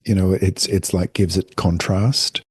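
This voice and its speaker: Low husky guy talking calmly about parenting, thoughtful, gentle, dry sound. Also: measured pace, no room sound. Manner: reflective, gentle, explains with examples. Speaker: guest, family counselor and author. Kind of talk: podcast interview.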